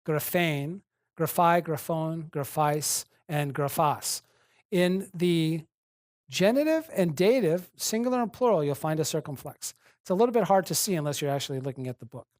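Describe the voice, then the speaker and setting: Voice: mid-range voice, a little mellow, no echo, clean studio sound. Methodical lecturer drilling Greek noun endings. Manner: methodical, spells out and repeats paradigms. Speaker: Greek teacher. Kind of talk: classroom lecture.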